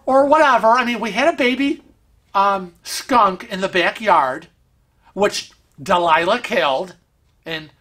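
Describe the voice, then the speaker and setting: A man telling a story in an animated, excitable way to his vlog viewers. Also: sits high. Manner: animated, excitable storytelling with laughs and acted-out quotes. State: vision impaired, uses a cane. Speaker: vlog host. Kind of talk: casual storytelling.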